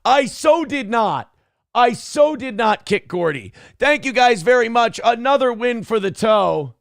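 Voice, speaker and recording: Gravelly high-voiced streamer guy. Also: unhurried, no echo, studio quality. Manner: rambling and excitable, crude jokes, cooing baby talk to his dog. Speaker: livestream host. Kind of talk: casual livestream chat.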